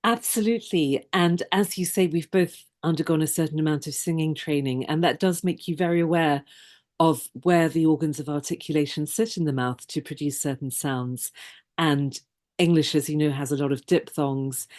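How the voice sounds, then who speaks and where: Casting: middle-aged woman, podcast host and coach, low voice, measured and articulate. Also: darkish tone. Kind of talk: podcast conversation.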